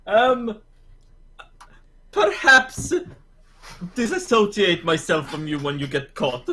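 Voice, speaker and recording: A man's voice: high-pitched, sing-song, slow pace, pushed and bright. A man playing a tabletop game, speaking politely and hesitantly in a formal way. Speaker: player.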